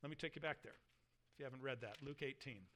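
A man's voice: medium pitch, quick pace, pushed and bright. A man preaching a sermon, explaining scripture verse by verse and reading passages aloud with earnest emphasis. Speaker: pastor.

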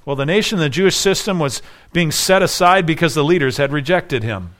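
A man's voice: a little high, animated, brisk, a bit bright. A man preaching an expository sermon as pastor, emphatic and full of rhetorical questions.

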